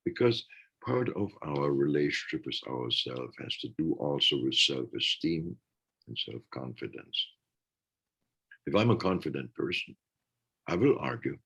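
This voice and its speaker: A man's voice: rumbling low, lively intonation, unhurried, creaky, a bit bright, breathy edge, poor audio. A man talking earnestly in a reflective podcast conversation, acting out the remarks he quotes.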